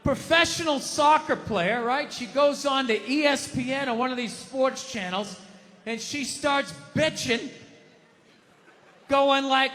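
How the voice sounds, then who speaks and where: A man doing a profane, shouting stand-up comedy rant at a live show. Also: very high voice, measured pace, faint music behind. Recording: live show with audience noise.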